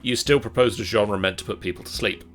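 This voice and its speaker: A man narrating as game master of a tabletop role-playing game, wry and deadpan. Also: fairly low pitch, quick pace, soft background music.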